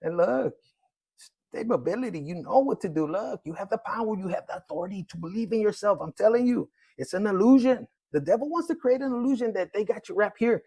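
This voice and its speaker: Gravelly high-voiced man reading tarot. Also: a little fast, no echo. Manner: animated, slangy, laughs often, acts out quoted voices. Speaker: tarot reader. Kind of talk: casual tarot reading monologue.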